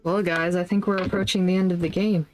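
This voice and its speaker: A woman streaming a story game live, reading its dialogue aloud with expressive, dramatic delivery. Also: fairly low pitch, fast, soft background music.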